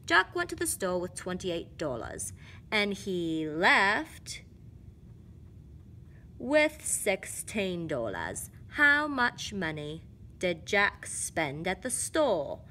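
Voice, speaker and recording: A woman's voice: fairly low pitch, sing-song, drawn-out words, sharp tone, slight background noise, heavily acted. A woman reading out a math word problem in a playful mock British accent, drawing out the words.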